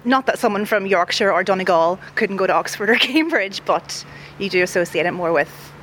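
Acting student, street interview, musing, very animated intonation, light background noise. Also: medium pitch, a little fast.

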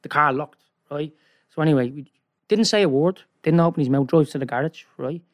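An Irish man, a guest, tells a long story in a loose, rambling way and keeps checking in with "right?" His voice sits a little higher than most men's, and his delivery stays lively and casual. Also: brisk. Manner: rambling, animated, frequent "right?".

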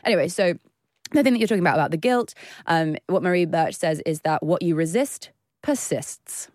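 A young woman co-hosting a casual chat podcast, her voice sitting a little low for a woman. She talks in bursts full of "like" and laughs easily. The sound is close and dry. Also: lively intonation, a little fast, darkish tone, dry recording. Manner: chatty, laughs often, lots of "like" and acted-out quotes. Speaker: podcast co-host.

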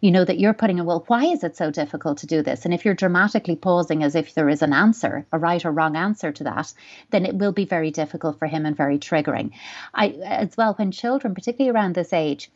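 A woman, a parenting expert, answers a listener's question in a thoughtful, reassuring, measured way. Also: lowish voice, lo-fi sound.

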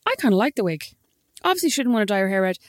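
An Irish woman co-hosting a podcast, chatting casually in an animated, indignant way. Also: medium pitch, very fast, dry recording, studio quality. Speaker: podcast co-host. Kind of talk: casual chat.

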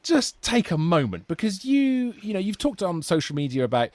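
A man's voice: high-pitched, sing-song, moderate pace, darkish tone, dry recording. A British man hosting a podcast, interviewing a guest in a joking, enthusiastic way. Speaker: podcast host. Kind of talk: casual interview chat.

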